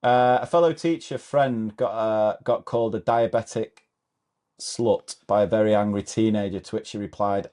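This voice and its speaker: A man's voice: on the low side, normal speed, mellow. A man hosting a comedy show, reading out a thread of teacher anecdotes in a casual, amused way and often breaking into laughter.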